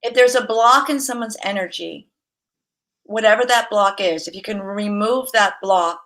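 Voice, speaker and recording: A female massage therapist, appearing as a guest in a casual interview chat, speaks at a medium pitch and moderate pace. Her storytelling is lively, peppered with laughter and acted-out quotes.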